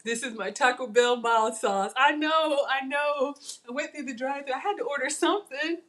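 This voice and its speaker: A woman with a high-pitched, slightly bright voice hosts a live cooking demo, talking briskly. She chats with her viewers as she cooks, playful and quick to tease herself.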